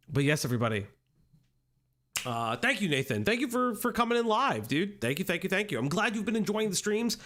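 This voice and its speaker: A man's voice: high-pitched, very animated, fairly quick, fairly bright tone, soft background music. A man hosting a casual livestream from home on a desk microphone, greeting chat in a playful sing-song way and rambling in asides. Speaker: livestream commentary host. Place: home streaming room.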